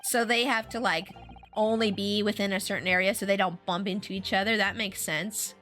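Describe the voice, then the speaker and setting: Chatty, bright-voiced streamer woman. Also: medium pitch, steady tone, brisk, faint music behind. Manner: chatty, giggly, talks to chat. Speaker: streamer reading a game aloud. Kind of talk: casual live-stream commentary.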